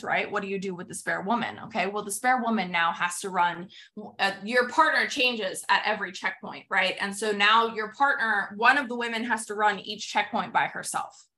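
A woman's voice: mid-range voice, pushed and bright. A young adult woman hosting a motivational podcast, retelling a TV episode with acted-out quotes and drawing lessons for sales teams. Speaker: podcast host and sales coach.

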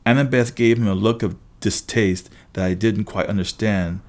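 A man reading an audiobook aloud with steady, brisk storytelling. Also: on the low side. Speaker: audiobook narrator. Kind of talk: scripted audiobook narration.

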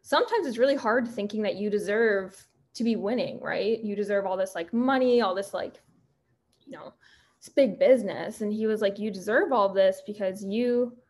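A woman in her early twenties from Pennsylvania, hosting a solo podcast and telling a personal story with lively, acted-out dialogue. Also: mid-range voice, moderate pace. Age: 20s. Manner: animated storyteller, acts out quoted dialogue. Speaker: podcast host and fitness coach.

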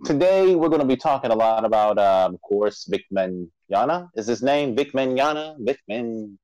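A man's voice: medium pitch, expressive, moderate pace, darkish tone, no room sound, dull audio. Casual podcast co-host, male, theatrical preacher flair at times, dry close sound. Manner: mock-grand preacher-style intro, then loose chatty talk.

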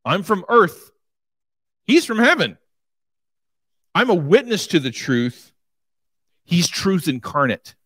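An earnest, fervent male prophet, as a preacher speaks in his voice, declaring with emphasis and a lively, high-reaching pitch. The sound is dry and close. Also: takes it slowly, pauses often, husky, dry recording, exaggerated voice. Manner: earnest, emphatic first-person paraphrase. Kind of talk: sermon.

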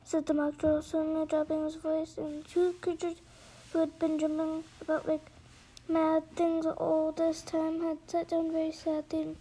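A woman reading a classic children's book aloud in a steady, gentle way, with small slips. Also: high voice, moderate pace, rough recording. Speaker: storybook reader.

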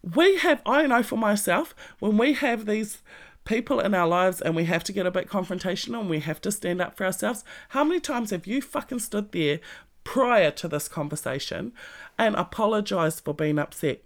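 A self-help vlogger delivers a blunt, emphatic motivational monologue in a creaky, gravelly, middle-register voice, swearing freely. Animated and plain-spoken at normal speed, he speaks straight to the listener, pressing them with pointed, direct questions.

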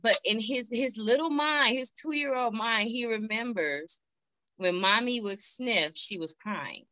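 A woman's voice: fairly high pitch, unhurried, noisy background. A woman in her thirties telling a personal story as an interview guest on a video call, earnest and heartfelt, with many fillers.

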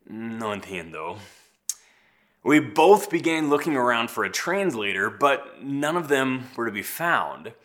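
A man's voice: medium pitch, bright, forceful tone. A young man, a student pastor, preaching a sermon with a self-deprecating storytelling style.

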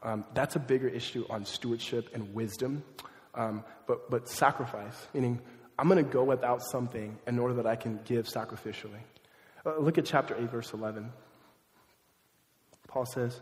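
A man pastor giving a sermon in a conversational, animated way, with casual asides. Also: mid-range voice, moderate pace. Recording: echoey hall, long reverb.

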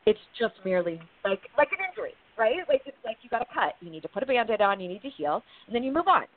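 A woman's voice: fairly high pitch, very animated, fast. A woman speaking frankly and with energy in a podcast conversation, swearing casually. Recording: dry, thin phone-like sound.

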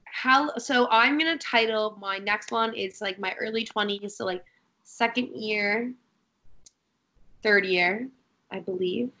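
A woman's voice: medium pitch, takes it slowly, bright, forceful tone, slight background noise. A young woman co-hosting a casual podcast, telling a story animatedly with lots of fillers. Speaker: podcast co-host.

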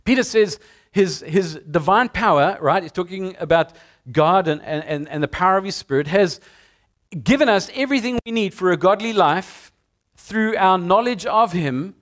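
A man's voice: sits high, expressive, moderate pace. A male pastor preaching a sermon in a conversational way to his congregation in a church. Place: church sanctuary.

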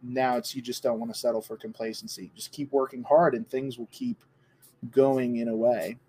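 A man's voice: medium pitch, fairly even intonation, normal speed, warm tone, slight background noise. A man, a podcast guest, chatting casually with a loose, filler-heavy way of talking. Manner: loose, filler-heavy, keeps saying like and you know. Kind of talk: casual chat.

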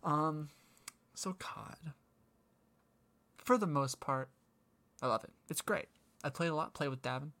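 A man's voice: a little high, a little slow, long pauses, sharp tone. Rambling man telling a story. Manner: rambling, self-interrupting storyteller. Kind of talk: casual chat.

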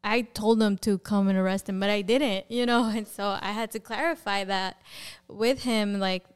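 A young adult woman, a podcast guest, giving a personal testimony in a lively conversational way and acting out the words of people in her story. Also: medium pitch, moderate pace, smooth. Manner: animated storyteller who acts out quoted dialogue and fills with "like".

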